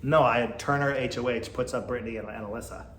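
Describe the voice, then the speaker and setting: A man's voice: medium pitch, steady tone, fast talker, fairly bright tone, reverberant, a little hiss or hum. A man hosting a podcast, giving blunt, exasperated commentary and laughing often. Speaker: podcast host. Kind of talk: casual opinion commentary.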